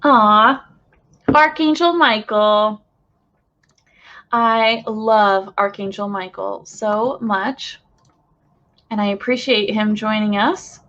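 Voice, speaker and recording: A woman's voice: medium pitch, takes it slowly, pauses often, a bit bright, lo-fi sound. A woman leading a live channeling session, earnest and effusive, with many fillers and sighs. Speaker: spiritual channeler.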